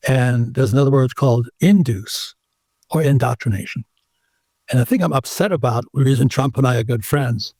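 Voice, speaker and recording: A man's voice: mid-range voice, husky, dry recording. An older man, an interview guest, telling a long anecdote in casual conversation and acting out the people in it. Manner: animated anecdote teller who acts out the people in his stories.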